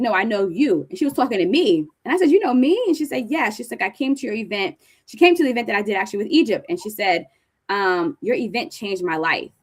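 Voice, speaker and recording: Fast-talking high-energy woman presenter. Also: slightly rough. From New Jersey. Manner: high-energy, animated storytelling. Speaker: speaker presenting to an audience. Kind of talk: conference presentation.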